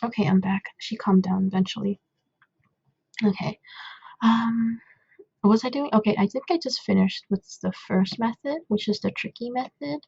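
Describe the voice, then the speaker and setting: Young woman explaining code at home, mellow gravelly voice, lots of ums, kinda muffled dry recording. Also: mid-range voice, no echo. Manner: rambling and self-deprecating, many fillers. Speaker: coding tutor. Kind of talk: casual coding walkthrough.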